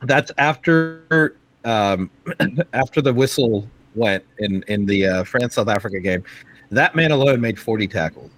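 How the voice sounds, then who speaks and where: A man co-hosting a podcast, talking sports in a casual, excited way, halting often with fillers and restarts. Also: fairly low pitch, low-quality recording. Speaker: podcast co-host.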